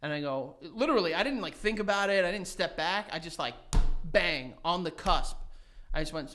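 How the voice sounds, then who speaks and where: A man's voice: on the high side, fairly quick, heavy background noise. A man co-hosting a podcast, rambling through stories with lots of fillers and laughing as he tells them. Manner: rambling, animated, heavy on "like" fillers. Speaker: podcast co-host. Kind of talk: casual chat.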